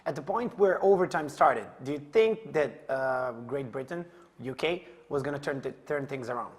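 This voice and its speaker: A man's voice: mid-range voice, moderate pace. A man with a Serbian accent, a native Serbian speaker, hosting an esports analyst desk in a hesitant way, full of fillers and laughter. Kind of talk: studio esports analysis chat.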